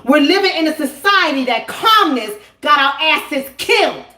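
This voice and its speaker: Woman live-stream host, high voice, emphatic storyteller, echoey room. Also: normal speed. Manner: emphatic, animated, repeats lines for effect. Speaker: relationship coach and channel host.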